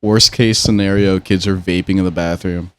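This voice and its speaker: A man's voice: low-pitched, steady tone, normal speed. A young man bantering on a gaming podcast, teasing his friends and swearing freely. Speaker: podcast co-host. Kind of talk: casual gaming chat.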